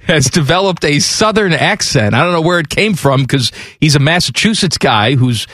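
A man's voice: on the high side, animated, normal speed, a bit bright, no echo, clean studio sound. A man co-hosting a sports radio talk show, bantering and teasing his partner. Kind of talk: casual sports talk and read ad.

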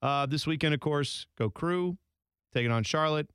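A man co-hosting a podcast, chatting about soccer in a relaxed, wry way. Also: a little high, moderate pace, clear, resonant tone, no echo, clean studio sound. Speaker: podcast co-host. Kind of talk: casual chat.

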